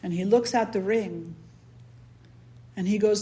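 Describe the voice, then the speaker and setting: A woman spiritual teacher giving a satsang, telling a story calmly and leading a guided meditation. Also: medium pitch. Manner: calm, unhurried storytelling.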